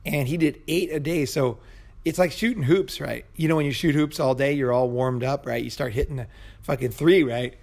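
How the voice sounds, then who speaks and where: Gravelly-voiced guy rambling through a story, swears a lot, keeps saying you know, right. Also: mid-range voice, normal speed, darkish tone. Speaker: vlogger. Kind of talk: casual storytelling monologue. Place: Bangkok.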